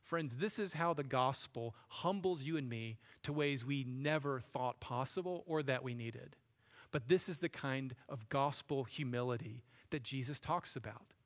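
Speaking at normal speed in a mid-range voice, a pastor preaches conversationally and asks the congregation rhetorical questions. The setting is a church sanctuary, recorded with long hall reverb.

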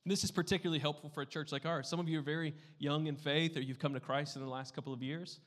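A man preaching a sermon as pastor, conversational and playful, moving between loud emphasis and hushed, earnest passages. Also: on the high side, steady tone, quick pace. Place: church sanctuary. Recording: long reverb of a large hall.

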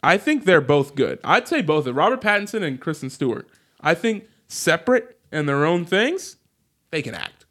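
A man's voice: fairly high pitch, normal speed. A man co-hosting a podcast, chatting casually and rambling with frequent laughs. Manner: rambling, animated, laughs often. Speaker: podcast co-host. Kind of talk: casual chat.

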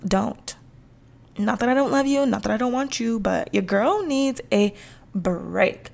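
A young woman hosting her own podcast, chatting casually and upbeat with slangy asides to her listeners. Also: medium pitch. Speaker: podcast host. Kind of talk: casual solo podcast chat.

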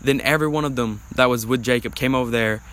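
A man's voice: mid-range voice, fast, fairly bright tone, poor audio. A young adult man, a podcast guest, rambling through a story in casual chat with many fillers.

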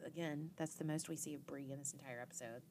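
A woman's voice: low voice, fairly even intonation, fast, gravelly, darkish tone, slight background noise. A young woman hosting a podcast, casually recapping an episode in a chatty way, full of "like" and acted-out quotes. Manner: chatty, filler-heavy with frequent "like" and quoted reactions. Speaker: podcast host.

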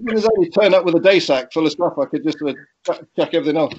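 A man's voice: on the high side, expressive, a little mellow, a little hiss or hum. A middle-aged man telling a story in a conversational way, hesitant and full of restarts, often chuckling. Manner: halting, with frequent restarts and chuckles. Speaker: guest recounting a cycling accident. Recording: dull lo-fi recording.

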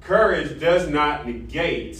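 A man lecturing an ethics class, animated and interactive, quizzing students and tagging sentences with "right?". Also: on the high side, slow pace, recorded from a distance. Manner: animated, asks the class questions, frequent "right?". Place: large echoey classroom. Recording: echoey classroom recorded from afar.

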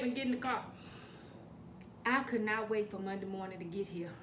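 A middle-aged woman telling a comic family story, profane and animated, with sudden loud bursts. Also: medium pitch, normal speed, a little hiss or hum. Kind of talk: comedic storytelling.

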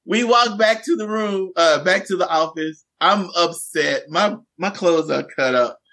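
A man, a teacher and podcast guest, telling a funny classroom story in animated conversation and acting out the quotes. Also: sits high, measured pace. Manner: lively anecdotes, acts out quotes.

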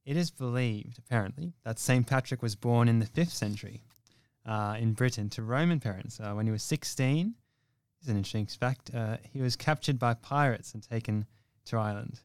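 A young man reads a saint's biography aloud with a smooth, clear voice. His delivery is earnest and steady, with the odd filler. The sound is close and dry. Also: mid-range voice, fairly quick, no room sound. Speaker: presenter reading a saint's biography.

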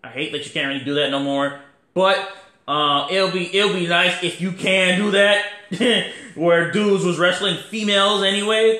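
Man, podcast host, casual rambling monologue, swears a lot, slightly high voice, roomy echo. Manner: animated, profane, rambling, acts out quotes. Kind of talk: casual wrestling review monologue. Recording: echoey room.

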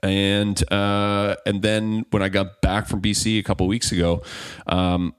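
A man's voice: fairly low pitch, little pitch movement, a little slow, smooth, no echo. A man hosting a casual podcast from a room in a big old house, rambling, with lots of fillers and restarts. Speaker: podcast host.

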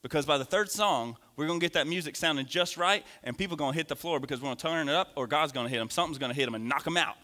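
A man in his thirties delivers an animated sermon, joking with his congregation. His voice is bright and sits a little high. It rings out with a long reverb through the church sanctuary. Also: racing, hardly any pauses. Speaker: preacher. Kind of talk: lively sermon.

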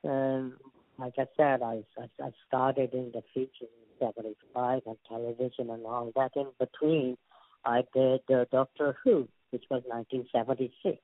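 An older man from India speaks with an Indian accent, spinning long stories about his acting career and stumbling over repeated words as he goes. His voice comes through a dry, narrow, phone-like line. He sits at a middling pitch for a man. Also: normal speed, no room sound. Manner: rambling, stammering restarts, animated anecdotes. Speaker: guest actor. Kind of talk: casual interview storytelling.

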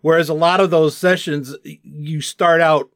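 Older guy voice actor chatting, kinda high voice, dry close sound, drops into little impressions. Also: fairly even intonation, a bit bright, no room sound. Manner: storytelling, drifts into quick impressions. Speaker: guest voice actor. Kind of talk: casual podcast chat.

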